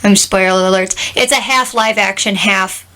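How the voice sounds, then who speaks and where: A woman co-hosting a podcast, jumping in with enthusiastic comments and animated asides in casual chat. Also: mid-range voice, moderate pace. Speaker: podcast co-host.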